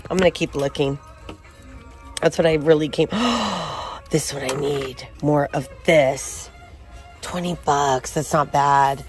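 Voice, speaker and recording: A woman's voice: low voice, steady tone, a little slow, soft background music. A woman narrating a casual shopping walkthrough, chatting as she reads out prices and product labels. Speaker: shopping vlogger. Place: inside a large retail store.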